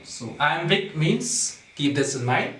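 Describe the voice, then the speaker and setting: A man's voice: fairly high pitch, big pitch swings, takes it slowly. A male teacher patiently explaining a poem to a class, often checking understanding with "okay?". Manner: patient, repeats points, keeps checking with "okay?". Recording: roomy sound, far from the mic, faint noise.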